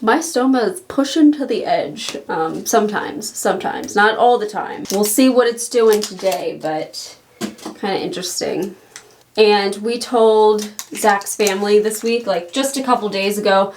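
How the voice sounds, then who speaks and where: A woman's voice: medium pitch, measured pace, a little hiss or hum. A woman vlogging in casual chat to the camera, chatty and rambling with frequent small laughs, a little out of breath.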